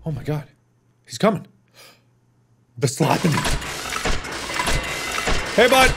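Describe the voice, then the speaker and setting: A man giving let's play commentary as a gaming host, switching between loud theatrical shouts and low muttered asides. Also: sing-song, slow pace, vocal fry, pauses often, music in the background.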